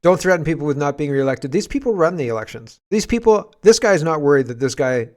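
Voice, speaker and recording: A man's voice: a little high, animated, fairly quick, darkish tone. A Canadian man hosting casual political commentary, rambling and sarcastic and often laughing.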